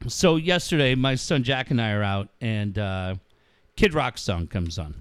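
This middle-aged man, co-hosting a sports radio show, has a smooth, medium-pitched voice and an unhurried delivery on a dry recording. In casual chat he tells stories animatedly, acting out quotes and cursing freely.

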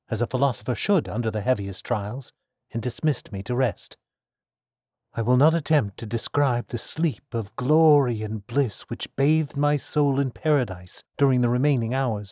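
A man narrates a classic tale in the first person, measured and expressive. His voice sits at an ordinary pitch, recorded close and dry with no room sound. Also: no room sound. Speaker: audiobook narrator. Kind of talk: scripted narration of classic fiction.

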